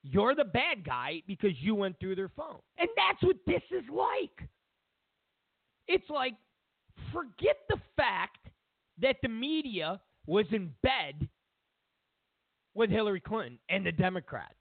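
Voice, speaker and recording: A man's voice: high voice, sing-song, unhurried, vocal fry, dry recording. A man hosting a political talk show, delivering an emphatic, opinionated monologue full of sarcastic hypotheticals. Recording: tinny phone-like audio.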